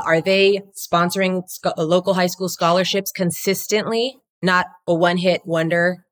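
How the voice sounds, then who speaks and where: A woman who co-founded a law firm, talking energetically and bluntly as an interview guest, now and then swearing and mimicking other people's voices. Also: fairly low pitch. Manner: swings into acted quotes of others. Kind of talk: casual interview talk.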